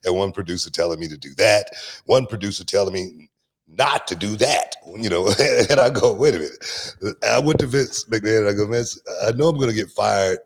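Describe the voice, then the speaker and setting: A middle-aged man hosting a podcast, telling stories in casual chat, often repeating words and laughing. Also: deep voice. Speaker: podcast host, former wrestler.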